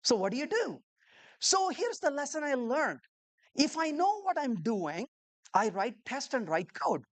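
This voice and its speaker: A woman's voice: high-pitched, measured pace. A woman giving a live talk to a room of developers, telling stories and asking the audience rhetorical questions. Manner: animated storyteller who acts out conversations. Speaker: conference speaker.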